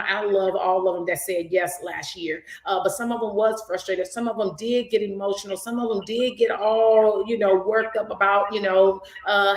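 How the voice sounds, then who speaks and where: A woman hosting a casual talk for a nonprofit program, animated and effusive, praising and preaching with a lilt. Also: mid-range voice, roomy sound, low-quality recording. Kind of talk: casual chat.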